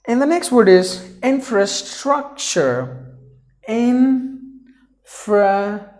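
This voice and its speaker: A man's voice: on the high side, a little slow, darkish tone, roomy sound. A man teaching a pronunciation lesson, repeating each word several times and drawing it out for drilling.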